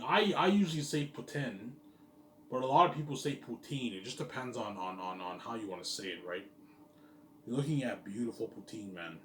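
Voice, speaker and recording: A man's voice: mid-range voice, lively intonation, a little fast, a bit bright. A man in a casual rambling monologue about his company plans, repeating stock phrases like "look at that" and "yeah, man". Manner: repetitive, keeps saying "yeah, man" and "look at that". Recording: echoey room, distant mic, faint ambient noise.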